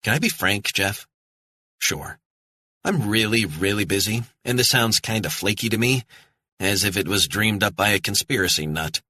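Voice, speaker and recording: A man's voice: fairly low pitch, moderate pace, pushed and bright, no room sound, clean studio sound, voice pushed up. A man voicing a busy, skeptical woman who works for a senator, speaking curtly and doubtfully. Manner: curt and doubtful.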